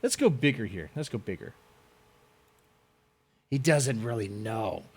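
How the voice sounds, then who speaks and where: Sarcastic male stream host, lively pitch. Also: a little slow, breathy edge. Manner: sarcastic, mock voices, lively swings in tone. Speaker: stream host reacting to a debate. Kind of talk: mocking live-stream commentary.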